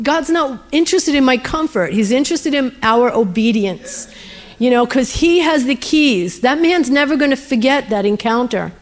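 A middle-aged woman minister telling testimony stories in a sermon, animated and acting out the dialogue. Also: a little high.

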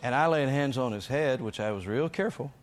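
A man preaching, telling a testimony story in an emphatic, energetic way and acting out the lines he shouted. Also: mid-range voice, a little fast.

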